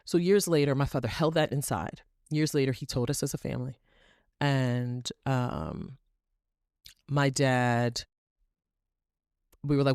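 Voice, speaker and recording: A woman with a low voice hosts an inspirational podcast monologue. She tells stories animatedly, repeating phrases for emphasis. The sound is dry and close. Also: animated, measured pace, pauses often, darkish tone, no room sound. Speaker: podcast host.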